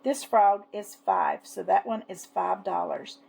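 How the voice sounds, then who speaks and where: A woman chatting casually as she shows off her savings challenges, fond and unhurried, with lots of little fillers. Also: mid-range voice, vocal fry, a little mellow, low-quality recording. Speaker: savings challenge seller and vlogger. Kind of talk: casual product show-and-tell.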